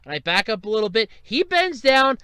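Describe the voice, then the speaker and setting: A man's voice: high voice, brisk, clear, resonant tone, no room sound. A young man hosting a solo podcast, telling rambling, profane stories in a casual chat. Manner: rambling, profane, animated storytelling. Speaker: podcast host.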